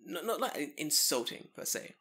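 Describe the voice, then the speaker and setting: A man co-hosting a podcast in casual chat, animated and profane, laughing often, recorded on a table mic in a living room. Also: fairly high pitch, normal speed, slightly rough. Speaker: podcast co-host. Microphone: studio mic at a table.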